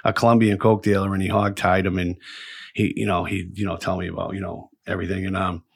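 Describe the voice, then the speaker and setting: A man's voice: low-pitched, flat delivery, quick pace, vocal fry, husky. A middle-aged man hosting a podcast, telling stories in a rambling way full of restarts and fillers. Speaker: podcast host. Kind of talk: casual storytelling chat.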